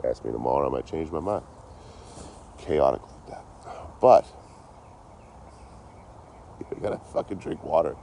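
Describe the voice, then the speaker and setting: A man's voice: very deep voice, lively intonation, a little slow, vocal fry, long pauses, dark tone. A man from Detroit rambling casually and swearing a lot on an outdoor livestream, talking into his phone. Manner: rambling, heavily profane. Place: outdoors, by a road.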